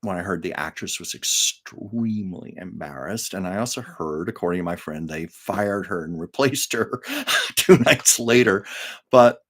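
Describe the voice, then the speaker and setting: A man's voice: low voice, lively intonation, a little slow, a bit bright. An older man hosting a casual livestream, telling anecdotes with frequent laughs and reading viewer comments aloud. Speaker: livestream host. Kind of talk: casual storytelling chat.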